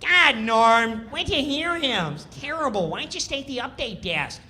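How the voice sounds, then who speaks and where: A man putting on a jittery male castmate who nags and needles in a high, whiny voice. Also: animated, moderate pace, bright, forceful tone, full character voice. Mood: whiny needling.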